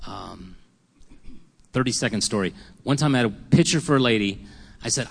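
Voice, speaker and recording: A man on a church panel tells his story in a lively way and acts out the quoted lines. His pitch sits in the middle range for a man. A long reverb hangs on his voice, as in a big hall. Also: fairly quick, creaky. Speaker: panelist, prophetic minister. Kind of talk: animated storytelling.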